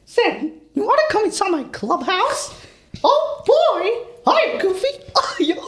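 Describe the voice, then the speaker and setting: A young man putting on high, giggly cartoon-character voices with heavy emphasis. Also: sing-song, measured pace, a bit bright, echoey room, heavily acted. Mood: chirpy. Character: cartoon voices, a squeaky cheerful cartoon sponge and mouse.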